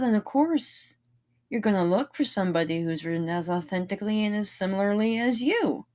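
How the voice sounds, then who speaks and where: Woman, vlogger, low-pitched voice, earnest, enthusiastic, rambling casual monologue. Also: a little mellow.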